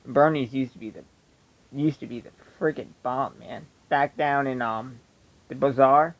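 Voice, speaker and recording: A man with a Delco accent, the Philadelphia-area sound, delivers a blunt, opinionated rant to his viewers. His pitch sits right in the middle for a man. He talks casually and emphatically, with no polish. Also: steady tone, a little slow, low-quality recording. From Delaware County, Pennsylvania. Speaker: vlogger. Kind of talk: casual ranting monologue.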